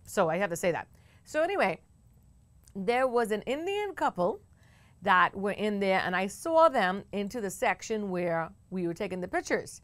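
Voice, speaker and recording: A woman with a Bahamian accent hosting a talk show, telling a story in a chatty, animated way with bursts of laughter. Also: medium pitch, moderate pace, no echo. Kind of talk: casual storytelling to camera.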